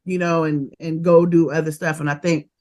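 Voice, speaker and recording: A woman, a rapper telling stories of her early career in a casual interview, animated and quick to laugh. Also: sits low. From Oakland, California. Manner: animated and laughing, fast bursts of memories.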